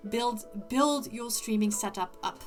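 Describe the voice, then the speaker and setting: A woman livestreamer putting on the voice of a prim, posh upper-class lady, with formal, deliberate diction. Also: on the high side, faint music behind, natural voice.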